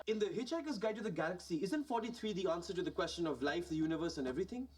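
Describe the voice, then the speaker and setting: An excitable, fussy young scientist. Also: male voice, high voice, rapid-fire, husky, recorded from a distance. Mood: eager.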